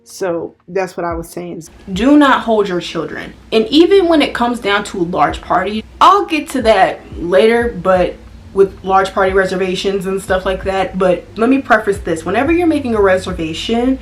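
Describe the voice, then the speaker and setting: A woman's voice: medium pitch, lively intonation, normal speed. A young woman who works as a restaurant host, ranting casually and emphatically in a vlog. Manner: emphatic, exasperated storytelling.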